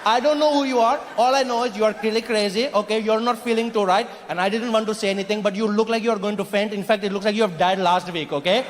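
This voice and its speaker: A man's voice: high-pitched, steady tone, quick pace, few pauses, natural voice. A comedian on stage acting out a confident, teasing Indian man in a sing-song put-on Indian English accent, with a laughing crowd in a large hall. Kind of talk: stand-up comedy act-out. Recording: live theater, crowd laughter.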